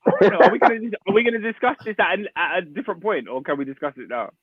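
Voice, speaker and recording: A man with a lively, fairly high voice talks football in casual slang. His mic sounds dull and lo-fi, and the recording is dry with no room sound. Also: rapid-fire, slightly rough, no room sound. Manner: slangy, steers the talk back on topic. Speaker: podcast co-host.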